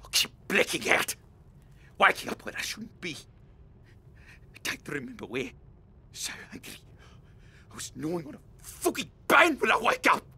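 A man's voice: sits high, huge pitch swings, moderate pace, long pauses, sharp tone, heavily acted. A man voicing a starving, half-mad male wanderer in a video game, muttering in broken, swearing bursts with a foreign accent. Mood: frantic. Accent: foreign, unfamiliar to host. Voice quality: gravelly, raspy.

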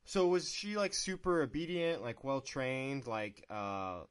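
A man hosts a podcast, speaking very slowly as he eases into his questions. His voice is smooth and clear at a middle pitch. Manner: relaxed, hesitant questions. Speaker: podcast host. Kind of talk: casual interview chat.

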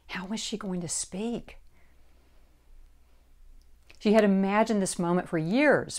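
Woman narrating her book, takes her time, lowish calm voice. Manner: measured, deliberate reading. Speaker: author reading her own book. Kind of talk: audiobook narration.

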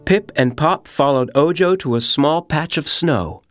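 A man reading a children's storybook aloud in an expressive, gently animated way. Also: on the high side, measured pace, over music. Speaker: audiobook narrator.

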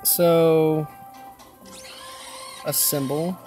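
A young man giving casual, excitable commentary while playing a mobile game, swearing now and then and saying "dude" a lot. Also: on the high side, drawn-out words. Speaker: gaming channel host. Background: game music.

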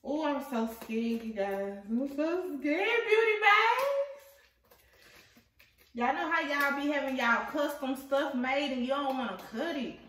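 A woman who runs a small business, chatting excitedly to her viewers while she unboxes a package, laughing often, with the camera set some way off. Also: high voice, measured pace, recorded from a distance, slight background noise. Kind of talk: casual vlog chat to viewers. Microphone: camera at a distance. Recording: echoey room, voice off-mic.

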